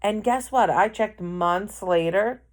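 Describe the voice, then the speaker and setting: A woman's voice: medium pitch, slow. A woman telling a rambling personal anecdote in a casual vlog, correcting herself as she goes. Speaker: vlogger. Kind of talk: casual storytelling.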